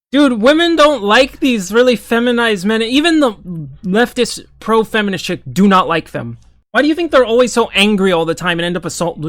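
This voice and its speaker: A man's voice: very high-pitched, a bit bright, no room sound. A young man giving a sarcastic, profane, exasperated running commentary as an online commentator. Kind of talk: ranting commentary.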